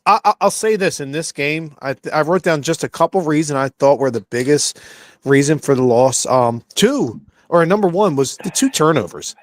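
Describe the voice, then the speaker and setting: A man's voice: a little high, animated, normal speed, no echo, clean studio sound. A man, co-hosting a podcast and ranting about a game in a profane, heated way, repeating himself. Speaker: podcast co-host. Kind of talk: casual sports rant.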